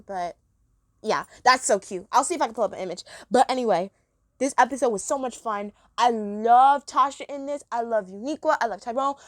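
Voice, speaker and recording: A woman's voice: a little high, dry recording, studio quality. A woman reviewing a cartoon episode in a chatty, rambling monologue, gushing about the characters.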